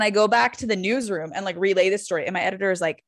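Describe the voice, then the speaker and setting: Animated swearing woman telling a story. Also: mid-range voice, fast talker, dry recording. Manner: animated, swears freely, acts out quotes. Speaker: podcast co-host. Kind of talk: casual conversational storytelling.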